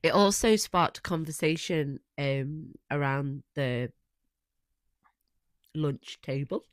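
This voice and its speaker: A woman co-hosting a podcast, husky and croaky from a cold, telling a reflective story in a casual chat. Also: low voice, slow, dry recording. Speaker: podcast co-host.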